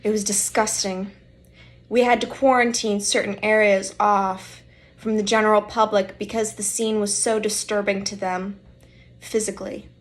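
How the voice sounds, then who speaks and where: A woman voicing a serious lead detective who gives grave, hushed mock-documentary testimony. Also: medium pitch, level tone, moderate pace, lightly acted.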